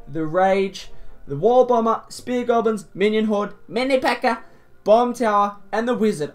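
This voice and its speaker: A woman giving casual, excitable commentary over a game replay, teasing her opponent and chuckling as she goes. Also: medium pitch. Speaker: gaming video host. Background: faint game music.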